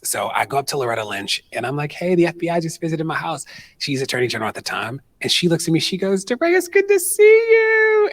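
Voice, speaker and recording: A man in his thirties speaking on stage at an event, telling animated stories and acting out other people's voices in casual talk. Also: on the low side, breathy edge, dry recording. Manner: animated, quotes people in put-on voices, conversational with fillers. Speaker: activist speaker. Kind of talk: storytelling on stage, answering audience question.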